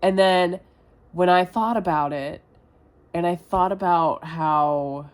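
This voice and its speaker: A woman's voice: lowish voice, slow pace, clear, resonant tone. A young woman in a confessional vlog, rambling and self-deprecating, full of filler words and swearing. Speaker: vlogger.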